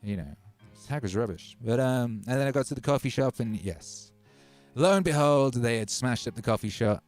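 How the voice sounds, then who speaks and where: A man's voice: medium pitch, animated, moderate pace, darkish tone, faint music behind. A man hosting a livestream from his home studio, chatting casually and telling rambling stories with a sardonic edge. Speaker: livestream host.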